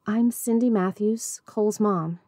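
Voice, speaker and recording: A woman voicing an anxious, worn-out mother in a storybook reading, breathy and trembling. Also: mid-range voice, moderate pace, mellow, no room sound, clean studio sound, lightly acted.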